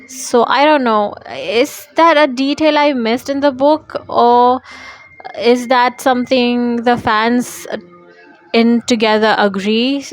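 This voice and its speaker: A woman's voice: a little high, steady tone, slow pace. A woman reading a novel aloud and breaking off for casual, opinionated asides to her listeners. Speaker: book reader.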